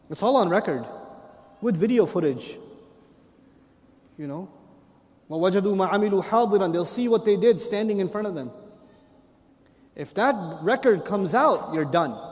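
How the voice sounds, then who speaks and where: Lecturer, male, high mellow voice, animated storyteller, echoey hall. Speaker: Islamic lecturer. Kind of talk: humorous religious lecture.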